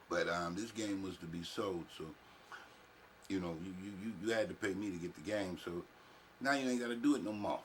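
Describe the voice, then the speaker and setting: A man hosting a reaction video, talking back at a clip in loud, crude, joking commentary. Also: lowish voice, steady tone, moderate pace, a little hiss or hum. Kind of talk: profane casual commentary over a clip.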